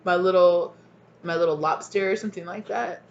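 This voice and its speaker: A woman's voice: lowish voice, a little fast, lo-fi sound. Chatty woman giving a tarot reading. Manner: chatty, rambling, laughs often, says "y'all". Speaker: tarot reader. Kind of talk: casual collective tarot reading to viewers.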